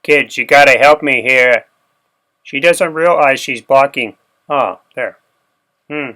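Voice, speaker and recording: A man's voice: mid-range voice, takes it slowly, pushed and bright, rough recording. A man voicing a fussy male cartoon bird that stammers and grumbles politely. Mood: grumbling. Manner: stammering, polite, grumbling under his breath. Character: fussy male cartoon bird being drawn, easily annoyed.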